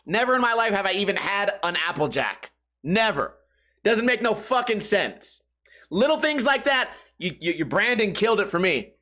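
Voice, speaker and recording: A man's voice: high voice, bright, forceful tone. A man hosting a solo comedy podcast, rambling and swearing casually and laughing at his own jokes. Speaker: podcast host.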